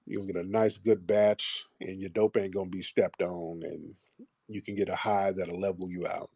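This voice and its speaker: Male call-in host, low husky voice, combative, mocking banter. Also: steady tone, moderate pace, darkish tone, no echo, clean studio sound. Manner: combative, trades insults and mockery with callers. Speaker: host of a live audio call-in show. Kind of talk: casual call-in chat.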